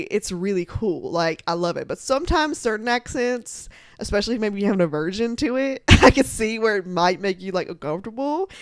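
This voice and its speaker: A young woman chatting casually about books to her followers, animated and full of filler words and laughter. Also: medium pitch, no echo, clean studio sound. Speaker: book content creator. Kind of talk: casual chat to camera.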